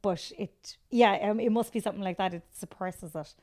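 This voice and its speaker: A woman in her thirties with a Cork accent, a guest comedian in casual chat, telling animated stories and acting out what people said. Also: medium pitch, normal speed. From Ireland. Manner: animated storyteller, acts out quotes.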